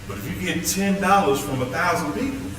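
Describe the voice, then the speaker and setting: A man's voice: sits high, fairly quick, distant mic, noisy background. A man, a pastor leading a Bible study, preaching conversationally and teasing his listeners with jokes. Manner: joking, lively, teasing the audience. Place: church hall. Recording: very echoey hall, voice off-mic.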